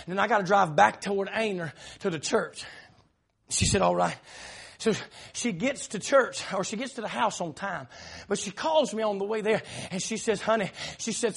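A middle-aged man with a Southern accent preaching a sermon in church, telling a long story with frequent "uh" fillers and loud shouted peaks. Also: high voice, vocal fry, slightly rough. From South Carolina.

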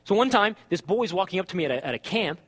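A man preaching a sermon as a pastor, telling stories with lively acted-out dialogue. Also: high voice, fast, breathy edge, long reverb tail. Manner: animated storytelling, acts out dialogue.

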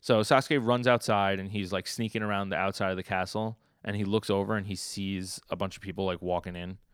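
A man co-hosting a podcast, casually recapping a comic chapter with fillers and lively retellings. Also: deep voice, fairly quick, smooth, no echo, clean studio sound. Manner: animated storytelling with fillers and acted quotes. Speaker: podcast co-host.

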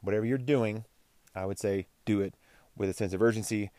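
A man's voice: lowish voice, steady tone, brisk, warm tone, no room sound. A middle-aged man from Texas hosting a solo podcast, talking in a casual, rambling, self-deprecating way. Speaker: podcast host.

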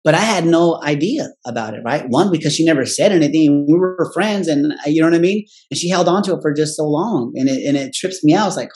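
A man's voice: fairly high pitch, animated, a little mellow. A man shares a candid personal story in loose, profane talk. He ends nearly every phrase with a questioning "right?" and briefly slips into his relatives' voices as he quotes them. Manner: profane and blunt; acts out family members in quick quoted voices.

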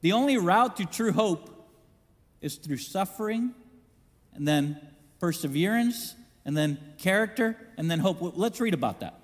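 A man preaching a sermon in an animated way, acting out the voices he quotes. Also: sits high, a little slow, long reverb tail. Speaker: pastor.

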